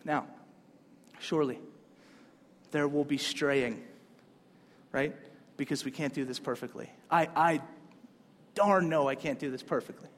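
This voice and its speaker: This pastor's voice is a little high, and he takes his time, pausing often. He preaches casually and conversationally, pushing up hard into emphatic peaks on key points, with long hall reverb on the recording.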